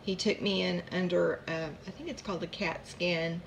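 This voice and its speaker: A woman recounts her own medical story in a relaxed, rambling way, drifting into small asides as she goes. Her voice sits a little low and has a gravelly, creaky edge. A faint hiss of noise runs under the recording. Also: normal speed. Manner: rambling, chatty, with fillers and asides. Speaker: vlogger sharing her chronic pain story. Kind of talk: casual personal storytelling.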